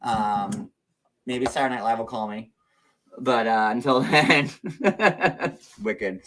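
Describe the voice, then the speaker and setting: A man's voice: medium pitch, unhurried, pauses often, a bit bright, distant mic, slight background noise. A man hosting a casual gossip livestream, talking in a chatty, meandering way with lots of fillers. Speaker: show host.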